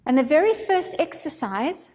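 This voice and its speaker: A woman teaching a spiritual course, telling a story in a casual, animated way and acting out her own thoughts. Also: high-pitched, normal speed, in a large hall.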